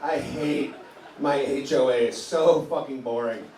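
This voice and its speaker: A man's voice: medium pitch, unhurried, a little mellow, far from the mic, slight background noise. A man in his forties doing a stand-up set, ranting in an exasperated way with the crowd laughing. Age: 40s. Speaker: stand-up comedian. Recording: roomy club sound from off-mic.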